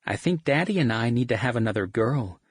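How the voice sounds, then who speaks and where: A man's voice: mid-range voice, lively intonation, a little fast, husky, no room sound, studio quality, pitched above the performer's own voice. A man voicing an exasperated young mother who chides and whines at the men around her, in an audiobook. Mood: whiny. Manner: chiding, whiny. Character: young mother on a tour bus, exasperated and scolding. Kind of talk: audiobook character voice.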